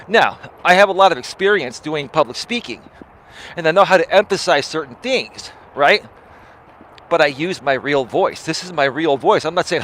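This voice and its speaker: A man's voice: a little high, lively intonation, moderate pace, fairly bright tone, a little hiss or hum. A man in his forties, a life coach hosting a live stream, talking in a chatty monologue and tagging his lines with "right?".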